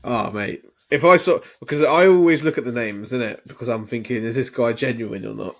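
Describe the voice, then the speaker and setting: A man's voice: medium pitch, fairly quick. A man with an English accent co-hosting a podcast, chatting casually in a mumbling, sweary banter. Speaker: podcast co-host. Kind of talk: casual chat.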